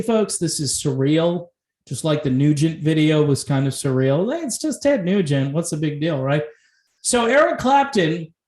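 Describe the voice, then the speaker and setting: A man's voice: on the high side, reverberant. A man hosting his own music commentary channel, talking casually and animatedly, laughing often and throwing in rhetorical asides.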